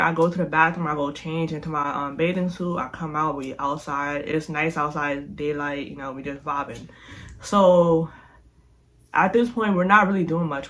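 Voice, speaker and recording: A young woman vlogger casually telling a storytime, animated and slangy, often repeating herself. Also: sits low.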